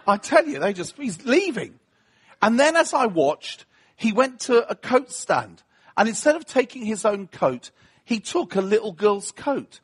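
A British man preaching a humorous sermon, telling a story with self-mocking asides in an animated way. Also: high voice, measured pace, husky. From Britain.

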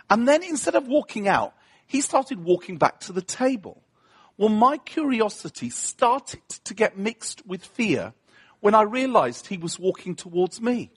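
A British man preaching a humorous sermon, telling a story with self-mocking asides in an animated way. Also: high voice, slightly rough. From Britain.

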